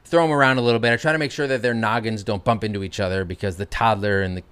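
A man's voice: lowish voice, steady tone, very fast, fairly bright tone, smooth. A man hosting a podcast in casual chat, telling stories about himself with self-mockery and swearing, recorded in a hot, stuffy room. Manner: profane, self-deprecating storyteller. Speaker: podcast host.

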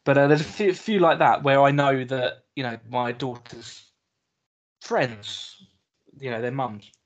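A man's voice: mid-range voice, a little slow, a little hiss or hum. A British man co-hosting a podcast in a casual chat, dry and wry, swearing casually. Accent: British English. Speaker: podcast co-host. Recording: dull lo-fi sound.

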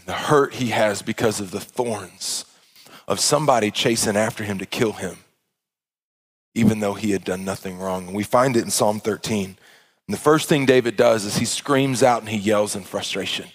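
A man preaching a sermon as pastor, impassioned, with stammering restarts and swings from hushed to loud. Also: lowish voice, moderate pace.

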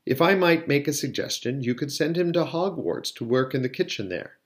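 A man reading as a wry old wizard headmaster, polite and unhurried. His phrasing is formal and measured, in a storybook reading. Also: fairly high pitch, lively intonation, voice pushed up, natural voice. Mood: calm.

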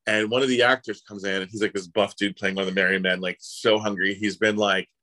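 Speaking fast in a fairly low voice, the male actor guest spins casual anecdotes and animatedly imitates the people in them. The recording sounds rough.

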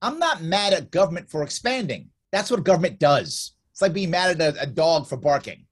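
A man's voice: on the high side, animated, a little fast, husky. A man talking as a guest in a casual conversation, emphatic and insistent, hammering his points home through repetition.

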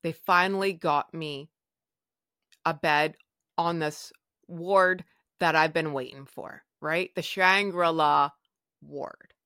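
A young woman telling a personal story in a casual, animated way, acting out her own past words and swearing now and then. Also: low-pitched, takes it slowly, pauses often, dry recording, studio quality. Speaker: podcast guest sharing her story.

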